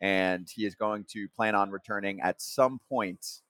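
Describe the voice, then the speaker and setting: A man hosting a sports podcast, talking in an excited way and laughing easily. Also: on the low side, unhurried, no echo. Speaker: podcast host.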